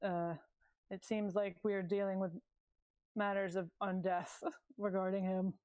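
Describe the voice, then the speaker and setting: A woman's voice: medium pitch, little pitch movement, unhurried, a little mellow, lightly acted. A woman voicing a blunt, awkward adventurer who talks to a shopkeeper. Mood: earnest.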